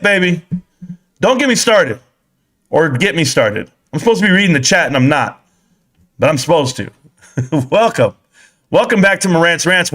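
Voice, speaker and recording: Man, young adult, stock stream host, fairly high voice, casual chat, joking, swearing, jumps between hype and low mumbles. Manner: animated, joking, profane, swings from loud excitement to low mutters. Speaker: stock market live streamer.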